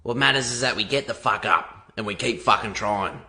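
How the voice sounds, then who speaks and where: A man, swearing constantly and shouting encouragement at a friend. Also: fairly low pitch, fairly quick, gravelly, slightly rough. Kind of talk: panicked banter amid chaos. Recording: loud background noise.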